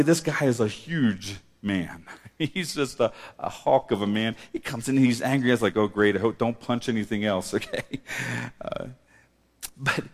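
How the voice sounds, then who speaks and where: Animated pastor in a reverberant church. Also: male voice, mid-range voice. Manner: animated, swings from hushed to loud, laughs often. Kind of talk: sermon storytelling. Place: church sanctuary.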